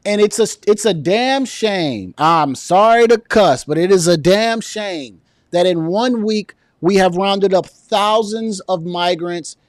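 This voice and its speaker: A man's voice: sits high, slow, dry recording. A man giving a political commentary rant as a vlogger, sounding indignant and sarcastic.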